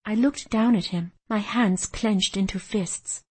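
A woman narrating a first-person story as an audiobook reader, expressive and voicing the dialogue. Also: mid-range voice, unhurried, slightly rough. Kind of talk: scripted narration.

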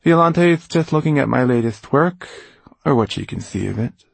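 A man's voice: medium pitch, expressive, moderate pace, creaky, no room sound, pitched above the performer's own voice. Man voicing Balbulus, a lisping haughty scribe. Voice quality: slight lisp. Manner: disdainful, drawling. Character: haughty male court illuminator, bored and cold.

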